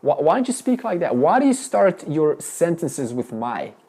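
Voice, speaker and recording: A man's voice: on the high side, sing-song, moderate pace, mellow, husky. A man teaching a spiritual class, firing questions at students with frequent restarts. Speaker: Vedanta teacher. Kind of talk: interactive spiritual lesson.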